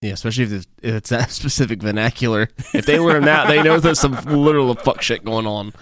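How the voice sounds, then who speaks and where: A man's voice: mid-range voice, a bit bright. Easygoing male podcast co-host. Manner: easygoing, agreeable, quick reactions. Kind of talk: casual chat.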